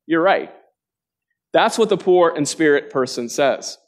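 Man, preacher, sermon to a congregation, earnest, asks direct questions, slightly higher voice. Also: lively intonation, moderate pace. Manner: dramatic quotes with sharp jumps in pitch. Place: church gathering before a live congregation.

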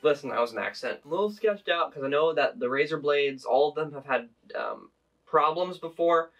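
A man's voice: fairly high pitch, lively intonation, fairly quick, fairly bright tone, highs cut off. A young man chatting casually as he unboxes and sets up a laptop, thinking aloud with plenty of fillers. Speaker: tech vlogger.

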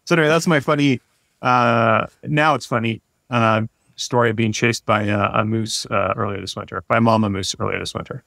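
A man's voice: fairly low pitch, a little fast, creaky, no echo, studio quality. A man in his forties, a podcast guest telling a story casually, rambling with many fillers and restarts. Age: 40s. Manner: rambling, lots of fillers and restarts, lively when retelling.

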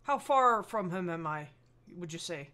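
A woman's voice: fairly low pitch, lively intonation, unhurried, crowd noise. A woman playing a tabletop game who asks the game master questions about the scene. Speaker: player. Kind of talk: casual tabletop play.

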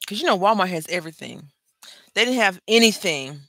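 A middle-aged woman with a mid-range voice talks a little fast while making jewelry for her craft video, telling animated stories and cracking jokes. There's no echo.

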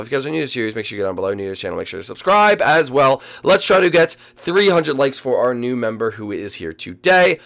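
A man hosting and narrating a Minecraft role-play series, energetic and full of hesitant fillers. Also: mid-range voice, fast, creaky, hardly any pauses. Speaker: host.

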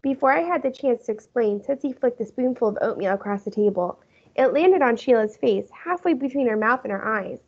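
A woman teacher reading a children's chapter book aloud in a lively storytelling manner. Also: a little high, fairly quick, husky. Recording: muffled lo-fi recording.

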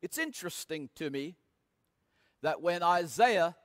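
A pastor delivers a sermon slowly and deliberately, his voice high for a man and his intonation lively. He gives scripture dramatic, emphatic readings. The studio-quality sound has a long reverb like a church sanctuary.

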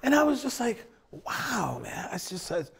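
A man, a bassist, telling stories in a sit-down conversation, acting out quotes with big swings in his voice. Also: measured pace, creaky, crowd noise. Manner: animated storyteller, acts out quotes with big pitch swings.

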